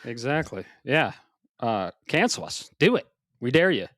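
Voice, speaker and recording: A man co-hosting a casual gaming podcast, slightly out of breath, swearing freely and swinging from loud bursts to low mutters. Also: very animated, measured pace, no room sound, clean studio sound. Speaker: podcast co-host.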